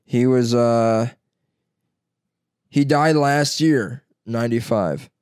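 A man's voice: medium pitch, slow, clean tone, dry recording, clean studio sound. Joking young man in casual chat. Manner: swearing, joking, animated impressions.

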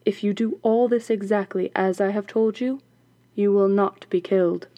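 A woman's voice: medium pitch, steady tone, moderate pace, mellow. Wry woman reading and joking about a fairy tale. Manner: wry, sarcastic asides. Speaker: podcast host.

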